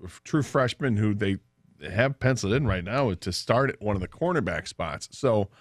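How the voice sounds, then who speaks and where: A man's voice: fairly low pitch, expressive, normal speed, no echo, studio quality. A man co-hosting a sports radio show, chatting casually and telling a story with laughs.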